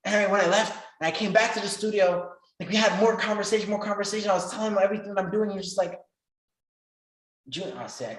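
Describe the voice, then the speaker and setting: A man giving a workshop talk, telling a personal story in a lively, animated way and acting out the dialogue. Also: fast. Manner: animated, acts out quoted dialogue with rising pitch and loudness. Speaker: workshop speaker. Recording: roomy echo.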